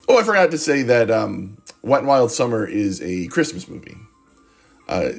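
A man rambles through a sarcastic movie review as a podcast host. His voice sits a bit low and has a husky grain. He swears casually and trails off into asides. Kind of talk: casual comic monologue.

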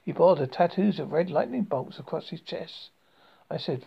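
A narrator reads a first-person story in a halting amateur style, with frequent stumbles and restarts. The voice is gravelly and a little husky. The recording sounds dull and lo-fi. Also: medium pitch, lively intonation.

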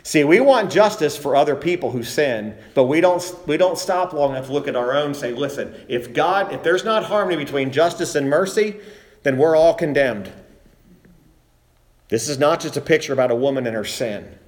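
A male pastor preaching a sermon, rising emphatically on key points and asking rhetorical questions, then slowing down to read scripture. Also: a little high, expressive. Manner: reads scripture aloud in a slow, measured way.

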